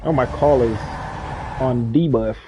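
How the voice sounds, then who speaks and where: A man's voice: medium pitch, a little slow, background noise. A man livestreaming a dinosaur game, chatting casually with viewers and teammates as he plays. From not from the countryside. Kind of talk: casual gaming commentary.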